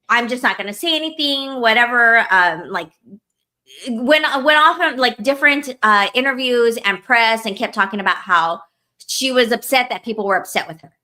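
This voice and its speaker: A woman's voice: a little high, normal speed, pushed and bright. A woman co-hosting a podcast, ranting in casual chat, heated and profane, full of filler words. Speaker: podcast co-host.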